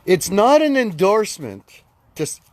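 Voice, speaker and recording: This Canadian man in his fifties records himself ranting angrily on social media to the followers of the group he leads. His high voice swings widely in pitch while he keeps a measured pace, bluntly and emphatically repeating his main points.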